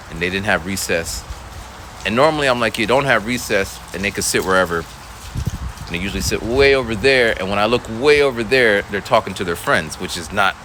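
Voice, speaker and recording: Laid-back man with a lively voice. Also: fairly low pitch, slight background noise, poor audio. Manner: laid-back, rambling, with many fillers. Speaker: schoolteacher. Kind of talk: casual storytelling vlog.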